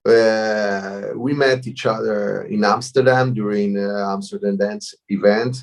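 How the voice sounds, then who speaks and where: A middle-aged man with an Italian accent, a DJ guest on a video call, speaking in halting English and often repeating words. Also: lowish voice, a little mellow. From Italy. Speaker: DJ and producer guest. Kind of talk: casual interview. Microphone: computer mic over a video call.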